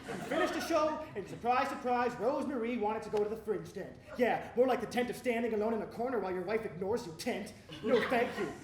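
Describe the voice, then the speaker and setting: An actor playing a sad, needy, self-pitying husband in a live comic stage monologue, grumbling and then bursting into shrill yelling. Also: male voice, expressive, quick pace, a little hiss or hum. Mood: glum. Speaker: stage comedy performer. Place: theatre stage with a live audience. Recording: echoey live stage recording with crowd and music.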